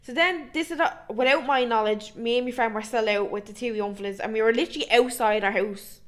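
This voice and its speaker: Young dublin woman on a podcast, kinda high voice, animated and sweary while she tells a story. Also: a little fast. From Ireland. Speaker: podcast co-host. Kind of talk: casual storytelling chat.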